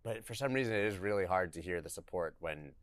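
A man with a very deep, smooth, resonant voice hosts a podcast interview. He asks questions and agrees with his guest in a relaxed way. The sound is dry and close. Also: fast talker, no room sound. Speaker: podcast host. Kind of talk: conversational interview.

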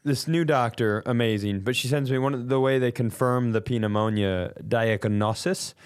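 A man's voice: medium pitch, moderate pace, clear, resonant tone. A middle-aged man with a cough, telling a comic story in casual podcast chat and acting out what people said. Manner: animated, breaks into laughter, acts out quotes. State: sick with a cough. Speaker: podcast co-host.

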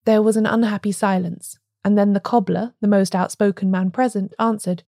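A woman narrates a classic detective story in a steady, measured way. Her voice is mellow and gravelly, with a slight fry. The recording is dry and close. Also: medium pitch, dry recording. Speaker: podcast host reading a story.

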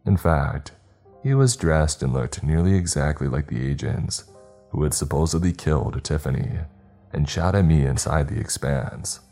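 A man reading a scripted horror story in the first person, steady and measured. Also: extremely low pitch, soft background music.

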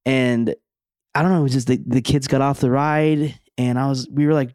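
With fairly even intonation and a darkish, medium-pitched voice at normal speed, a young podcast co-host relaxes into casual storytelling packed with slang. The recording is dry and of studio quality.

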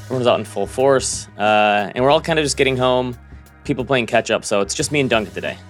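Fast-talking male podcast host. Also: mid-range voice, faint music behind. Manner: quick, joking, conversational storytelling. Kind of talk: casual finance podcast chat.

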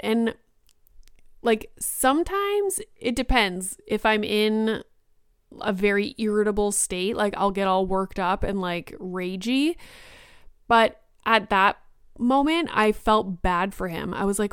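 A woman's voice: mid-range voice, takes it slowly, smooth, no room sound, studio quality. A young woman hosting a podcast, telling a story in a chatty way and filling her speech with "like". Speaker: podcast host. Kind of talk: casual storytelling monologue.

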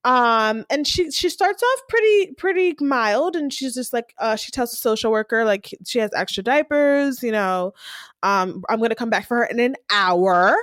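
A woman co-hosting a casual recap podcast, talking in a lively way and acting out characters' lines as she retells scenes. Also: fairly high pitch, moderate pace, dry recording, studio quality. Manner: animated, acts out characters' lines while retelling. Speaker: podcast co-host recapping a TV episode. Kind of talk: casual chat.

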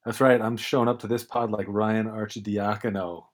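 A man co-hosting a casual sports podcast, talking in a loose, rambling way full of restarts. His voice sits on the low side. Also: flat delivery, moderate pace. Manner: chatty, rambling with many restarts and hedges. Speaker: podcast co-host.

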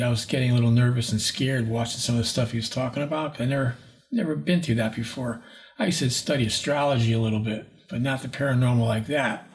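Older man telling a rambling story. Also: mid-range voice. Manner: rambling, acts out quoted voices. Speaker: paranormal investigator guest. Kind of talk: storytelling in an interview.

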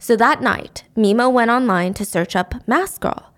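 Female host, casual plot recap, slightly high voice, dramatic character voices. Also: a little slow. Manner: animated, acts out character lines in high voices.

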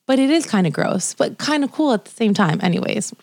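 A young adult woman co-hosting a podcast, telling stories in a lively way and using lots of "like" as filler. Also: medium pitch, brisk, vocal fry, dry recording, studio quality. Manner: animated storyteller, quoting others, heavy "like" fillers. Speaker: podcast co-host. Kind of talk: casual chat.

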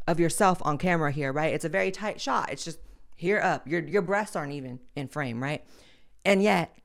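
Young woman host, low-pitched, brash and profane commentator. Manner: crude, sassy, profane. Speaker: podcast host. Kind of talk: blunt commentary on social media clips.

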